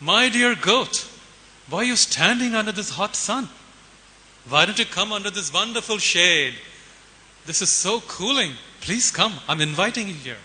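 Male speaker doing a high, syrupy storybook crocodile, scheming and coaxing. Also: expressive, pushed and bright, full character voice. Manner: sweet, coaxing, drawn-out. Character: sly smooth-talking crocodile luring a goat. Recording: hiss and long hall reverb.

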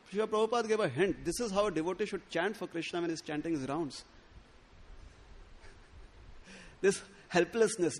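This male preacher has a high voice and gives a scriptural discourse with plenty of expression. When quoting, he performs the lines, his pitch climbing as he stammers and starts over.

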